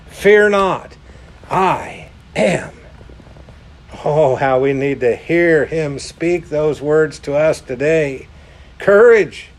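Slow, emphatic preaching man. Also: fairly high pitch, darkish tone. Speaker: pastor. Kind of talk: sermon.

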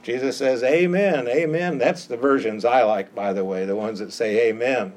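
A man's voice: fairly low pitch, fairly even intonation, normal speed, a little mellow. A male pastor preaching a sermon, emphatic and given to repeating key phrases, with casual asides to the congregation. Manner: conversational asides.

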